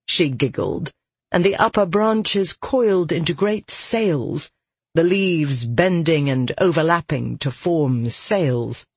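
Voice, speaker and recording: An audiobook narrator reading a fantasy adventure in a measured, expressive storytelling manner, recorded close on a dry studio mic. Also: medium pitch, husky, dry recording.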